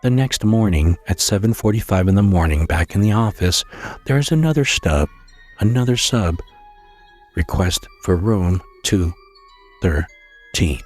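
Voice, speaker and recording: A man narrating a scary story in a slow, hushed storytelling manner, with occasional stumbles. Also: low-pitched, expressive, soft background music.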